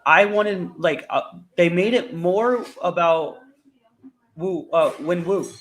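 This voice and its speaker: A man co-hosting a casual movie review chat, opinionated and quick to correct. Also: high voice, a bit bright, a little hiss or hum. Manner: opinionated, corrects the other host. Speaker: co-host of a pop culture show.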